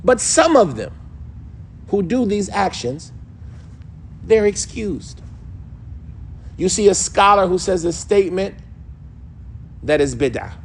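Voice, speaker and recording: A man's voice: high-pitched, big pitch swings, slow pace, long pauses, slight background noise. A man teaching a class on a classical text, firing rhetorical questions at the group and answering them himself. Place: mosque hall.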